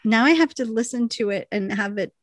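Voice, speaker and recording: A woman's voice: fairly high pitch, fairly quick, dry recording. Laughing British woman co-hosting a podcast. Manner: laughs often, reads letters aloud. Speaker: podcast co-host. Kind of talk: casual podcast chat, reading listener emails.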